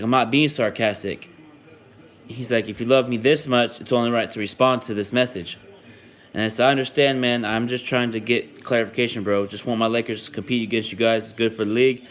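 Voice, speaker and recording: A man's voice: mid-range voice, fairly bright tone. A young man hosting a sports podcast, chatting casually and rambling with frequent ums and restarts. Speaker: podcast host.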